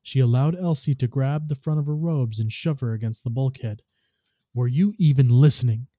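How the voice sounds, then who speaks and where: A man, a podcast host, reading a story aloud in a steady, even narration. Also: medium pitch, brisk, no echo, studio quality.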